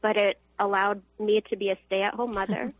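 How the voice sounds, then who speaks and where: A young woman calls in to a radio show and earnestly tells an emotional personal faith story, stumbling through fillers and restarts. Her medium-pitched voice is flat and moves at a normal speed. The phone line sounds dull and dry, without echo.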